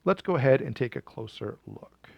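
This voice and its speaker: A man's voice: mid-range voice, expressive, moderate pace, gravelly, no echo, highs cut off. A man hosting a knife channel, telling a jokey story in an upbeat, conversational way. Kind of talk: humorous storytelling vlog.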